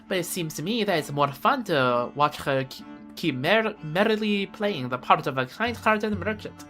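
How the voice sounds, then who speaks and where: A woman's voice: on the low side, expressive, normal speed, fairly bright tone, soft background music. A woman voicing a sly female merchant in a put-on Slavic accent, teasing and stumbling over some words while reading game dialogue aloud.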